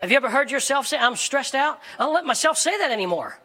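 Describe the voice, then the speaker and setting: Man preaching, very high voice, bright sharp tone, animated with shouts. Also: quick pace, poor audio. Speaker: pastor. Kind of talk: sermon. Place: church sanctuary.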